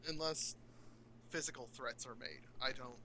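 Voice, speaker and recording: A man's voice: mid-range voice, moderate pace, sharp tone, slight background noise, poor audio. Blunt, profane man chatting. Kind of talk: casual chat.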